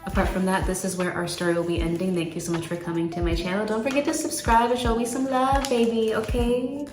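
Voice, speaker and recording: A woman's voice: on the low side, quick pace. A woman giving a casual tarot reading to camera, blunt and chatty, swearing freely and talking with lots of fillers. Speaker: tarot card reader. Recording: roomy echo with faint music.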